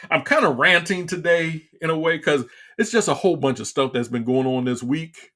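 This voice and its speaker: A man's voice: fairly high pitch, a bit bright. A middle-aged man hosting a livestream, ranting in a frustrated, repetitive way with many stumbling restarts. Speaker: livestream talk show host. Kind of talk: casual ranting commentary.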